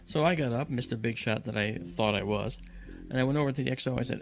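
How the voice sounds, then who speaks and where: A man's voice: medium pitch, vocal fry, a little hiss or hum. A man telling a personal story dramatically, acting out the voices of the people in it, with many fillers and restarts. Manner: acts out voices in quotes, halting with fillers.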